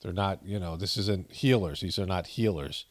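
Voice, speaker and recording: A man's voice: low-pitched, normal speed, no room sound. A man hosting a casual news commentary, reading headlines and riffing on them sarcastically with many "you know" and "right?" asides. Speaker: commentary host.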